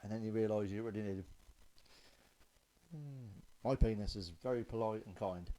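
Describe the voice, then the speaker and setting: A man's voice: lowish voice, moderate pace, warm tone, poor audio. A man telling stand-up jokes, loose and chatty, chuckling at his own punchlines. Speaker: stand-up comedian.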